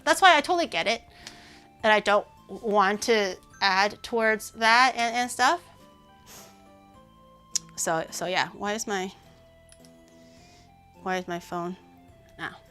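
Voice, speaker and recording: A woman streaming and chatting casually with her audience, rambling with lots of "like" and sounding animated and indignant. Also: medium pitch, measured pace, pauses often, faint music behind.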